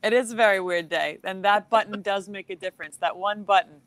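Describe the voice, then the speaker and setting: A woman's voice: medium pitch, a little fast, dry recording. Giggly rambling woman comedian. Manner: giggly, rambling, animated storytelling. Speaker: comedian guest. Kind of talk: casual podcast chat.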